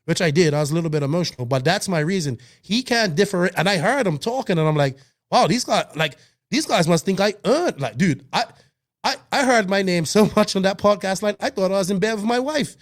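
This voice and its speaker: A man's voice: high voice, lively intonation, fast. A man co-hosting a hobby podcast, talking in a heated, emphatic way that is full of swearing and restarts. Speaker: podcast co-host. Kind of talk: casual podcast chat.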